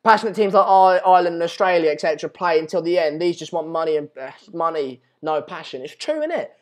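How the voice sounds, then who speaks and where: A man's voice: fairly high pitch, animated, fast. A man hosting a live football chat stream, ranting in an exasperated way and repeating himself. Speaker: live match chat host.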